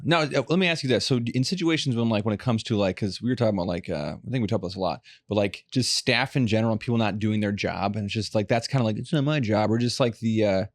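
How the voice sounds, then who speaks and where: A man's voice: lowish voice, dry recording. A man hosting a podcast, telling long profane stories in casual chat. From Los Angeles area. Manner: profane, fast storytelling rants. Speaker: podcast host.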